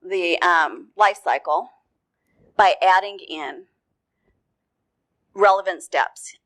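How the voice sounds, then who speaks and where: A woman giving a talk at a security conference. She tells the story in a relaxed way and laughs easily. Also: fairly low pitch, slow. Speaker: conference speaker.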